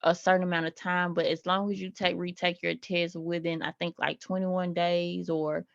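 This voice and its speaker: Low, gravelly woman in a dry room. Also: little pitch movement, moderate pace, dry recording, muffled recording. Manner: frank, hesitant with many uhs. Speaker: student. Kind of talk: classroom discussion.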